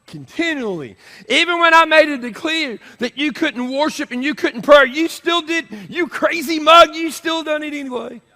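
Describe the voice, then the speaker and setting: A man voicing an overjoyed ancient king who cries out in a high, shouting voice, performed during a sermon. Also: huge pitch swings, normal speed, hardly any pauses, breathy edge, big-room sound, exaggerated voice. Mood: ecstatic shouting.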